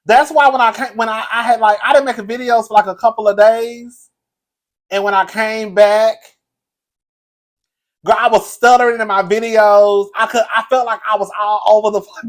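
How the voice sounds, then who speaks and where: A man hosting a casual live stream, chatty and campy, laughing often, grieving a loss. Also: high-pitched. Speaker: commentary channel host.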